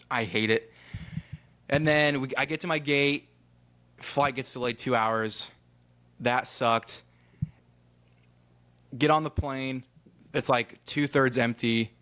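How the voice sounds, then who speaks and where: With a mid-range, fairly bright voice, this Ohio podcast co-host rambles through a travel story in casual conversation. He acts out the quoted exchanges of the people involved and swears casually now and then.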